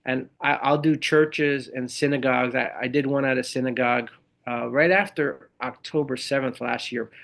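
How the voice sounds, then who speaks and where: A middle-aged man, a Marine veteran and speaker, telling his stories in an animated, conversational way as a podcast guest. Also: mid-range voice, moderate pace, gravelly. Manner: animated storyteller who acts out the voices of others. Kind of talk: conversational interview storytelling.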